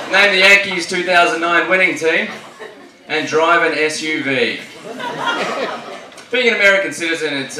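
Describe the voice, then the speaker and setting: Brash profane Australian stand-up man. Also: on the high side. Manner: brash and profane, punchy delivery. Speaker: stand-up comedian. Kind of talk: stand-up comedy set. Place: comedy club stage. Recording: echoey club from a distance, noisy.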